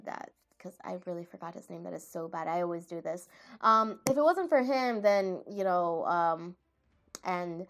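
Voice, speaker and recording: Woman, anime fan, casual chat; excitable, rambling, quick to laugh, often loses her train of thought. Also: mid-range voice. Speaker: anime fan recapping a show.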